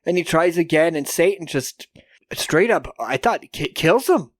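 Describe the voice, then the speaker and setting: A man co-hosting a podcast, casually recapping a film and acting out the characters in quick put-on voices, with a lot of swearing. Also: a little high, expressive, no echo, clean studio sound. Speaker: podcast co-host.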